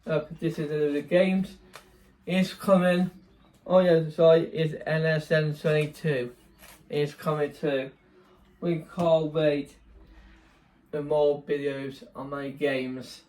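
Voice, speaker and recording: A man's voice: a little high, little pitch movement, slow pace, darkish tone. A young man chatting casually in a vlog, rambling, correcting himself and laughing often. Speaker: vlogger.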